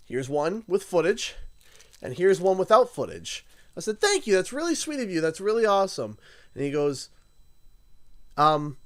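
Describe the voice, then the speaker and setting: A Canadian man streaming live, chatting casually and telling an animated anecdote while acting out what others said. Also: sits high. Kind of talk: casual livestream storytelling.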